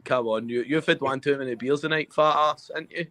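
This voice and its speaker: A man with a Glaswegian Scottish accent, tipsy, taunting and swearing loudly as a rowdy guest on a comedy podcast. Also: medium pitch, fairly quick, no room sound. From Scotland. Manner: brash, profane, taunting. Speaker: call-in guest.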